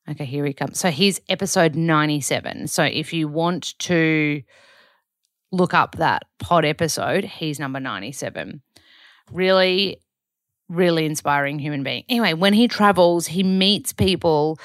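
A low-voiced Australian woman hosts her podcast in a rambling, chatty way, often stopping to correct herself mid-sentence. The sound is dry and close, with no room around it. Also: moderate pace, fairly bright tone, no room sound. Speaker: podcast host. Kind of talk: casual weekly diary chat.

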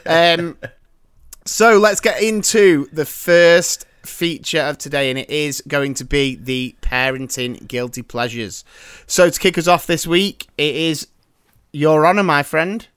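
A man in his thirties tells an animated anecdote as a podcast host, his voice sitting a bit high for a man. The sound is dry and close, with hardly any room around it. He talks in a lively, conversational way. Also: unhurried, clear, resonant tone, no room sound. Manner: animated storyteller. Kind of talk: casual chat. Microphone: remote call.

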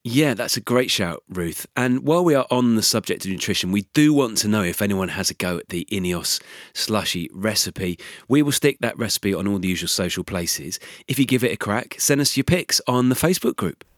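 A man's voice: on the low side, expressive, fairly quick, few pauses, dry recording, studio quality. A man hosting a podcast in casual chat, bantering with his co-host and reading out listener messages.

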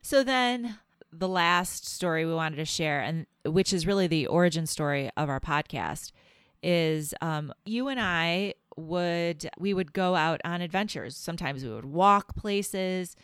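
Lower-pitched woman co-hosting a chatty podcast. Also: measured pace, smooth, dry recording, studio quality. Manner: storytelling, animated retelling of quotes. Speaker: podcast co-host. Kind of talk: casual chat.

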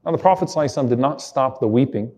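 A man's voice: mid-range voice, lively intonation, very fast, mellow. A man giving an Islamic lecture, retelling an emotional story earnestly and quoting Arabic passages. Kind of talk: sermon-style storytelling lecture.

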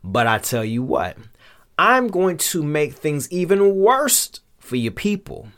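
Man doing a king, indignant, slangy, threatening, animated pitch. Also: takes it slowly, full character voice. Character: indignant, dismissive male king.

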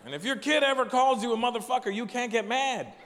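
A middle-aged man performing stand-up on stage, his voice high and bright with a lively, swooping pitch. He talks in an animated, profane, chatty way and riffs with the audience. The sound is a live hall with a long reverb tail and faint ambience behind him. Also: quick pace, slight background noise. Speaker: comedian. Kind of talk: stand-up comedy.

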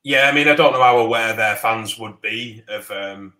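A man's voice: lowish voice, normal speed, bright, forceful tone. A man speaking as a guest on a casual football fan podcast, thoughtful and hedging.

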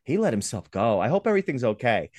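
A man hosts a podcast interview, his pitch swinging widely as he tells stories and acts out other people's lines. The sound is close and dry, with no room around it. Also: quick pace, no echo. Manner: animated storyteller, acts out quotes. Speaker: podcast host. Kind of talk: casual interview chat.

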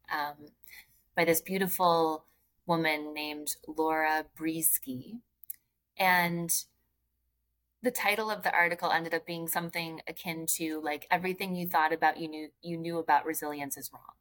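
A woman guest author from Philadelphia discusses resilience in a casual interview, explaining earnestly and sprinkling in "right?" and "like" often. Her voice is deep with a fairly bright tone.

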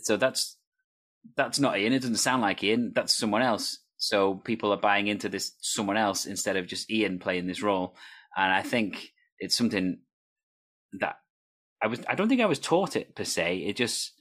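A man with a low voice, a teacher who also does improv, speaking in casual conversation. He talks fluently and tells stories as he goes. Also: moderate pace, a bit bright. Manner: fluent, anecdotal storytelling. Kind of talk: casual chat.

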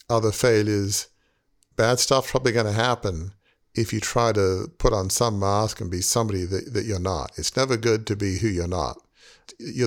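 A man in his sixties hosting a podcast, talking in an earnest, rambling way with many "you knows". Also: on the low side. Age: 60s. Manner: earnest, rambling, heavy use of "you know". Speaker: podcast host. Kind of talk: reflective podcast conversation.

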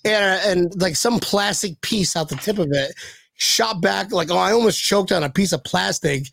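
A man's voice: high voice, normal speed, creaky, a bit bright, no echo. An American man hosting a podcast, telling rowdy stories in casual chat with swearing and laughter. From United States. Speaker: podcast host.

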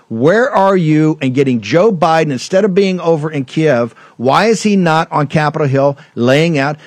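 A man's voice: fairly high pitch, expressive, normal speed, hardly any pauses, no room sound. A man hosting a political talk show, ranting emphatically and combatively, rambling with restarts. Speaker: show host.

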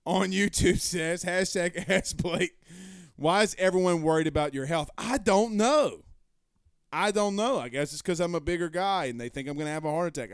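A man hosting a sports talk stream, reading viewer comments aloud and answering them in a loud, passionate, blunt way with some swearing. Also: high-pitched, clean tone, no echo, clean studio sound. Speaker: sports show host. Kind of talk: live-stream chat reading.

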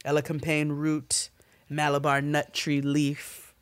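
A woman co-hosting a podcast in casual chat, playful and quick to laugh. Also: low voice, completely flat delivery, smooth, dry recording. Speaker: podcast co-host.

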